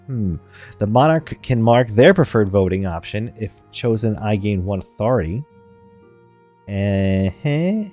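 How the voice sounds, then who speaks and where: Chatty, mellow-voiced male streamer. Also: medium pitch. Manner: rambling, chatty, laughs often. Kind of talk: live game-stream commentary.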